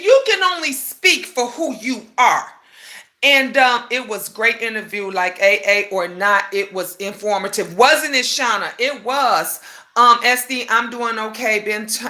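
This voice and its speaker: A middle-aged woman hosting a casual livestream from her bathroom, greeting chatters excitedly, laughing often and bantering in slang. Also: fairly high pitch. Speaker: livestream host. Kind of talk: casual live chat reading comments.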